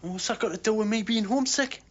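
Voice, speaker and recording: A man playing a gentle, homesick married builder in an earnest tone. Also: sits high, quick pace. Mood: plaintive. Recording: dull lo-fi TV sound with faint hiss.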